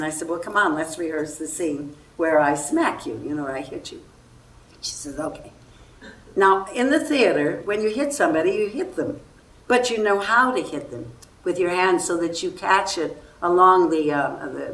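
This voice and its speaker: Older woman telling stories in a hall. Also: sits low. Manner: animated storytelling, acts out quoted voices. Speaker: guest actress. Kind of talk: anecdotal festival talk. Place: festival hall before an audience. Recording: far-off roomy hall recording, faint noise.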